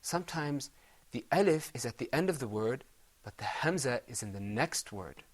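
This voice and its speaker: A middle-aged man teaching Quran recitation on a televised lesson, his voice sitting at an ordinary middle pitch. He explains patiently, step by step, and breaks into chanted Arabic examples for the class to repeat. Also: expressive, moderate pace.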